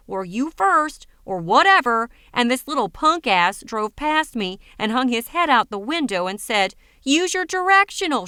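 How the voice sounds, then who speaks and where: Woman voicing hot-tempered cynical big guy, ranting, crisp, fairly high pitch. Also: pushed and bright, no echo, studio quality. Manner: ranting, indignant.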